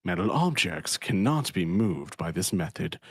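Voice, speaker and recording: A man's voice: low voice, very animated, unhurried, heavily acted. A man voicing a smug courtroom prosecutor in a casual game dub, asking arch, sardonic questions. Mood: explaining.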